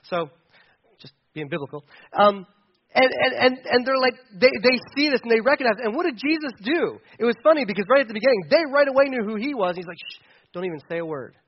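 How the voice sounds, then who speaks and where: A man preaching in a loose, conversational way, often stumbling and restarting as he explains. His voice sits fairly high for a man. The sound is dull and lo-fi. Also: lively intonation, fast talker, crowd noise. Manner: casual, chatty, with many restarts and fillers. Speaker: pastor. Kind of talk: conversational sermon.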